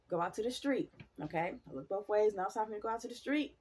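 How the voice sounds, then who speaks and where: A woman telling a spooky personal story in a casual, animated way, addressing her viewers directly and swearing freely. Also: mid-range voice, fast talker, hardly any pauses. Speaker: storyteller vlogger.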